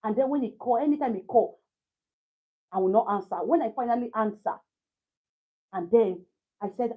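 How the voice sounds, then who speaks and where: A Nigerian woman in her thirties telling a personal story to a live chat in a casual, animated way, laughing often and slipping into pidgin. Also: on the high side, moderate pace, long pauses, husky. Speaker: livestream host.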